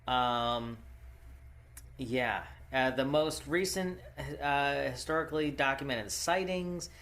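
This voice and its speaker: A man co-hosting a podcast in casual chat, halting with fillers and often breaking into laughter. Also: mid-range voice, a bit bright. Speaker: podcast co-host. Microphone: podcast microphone.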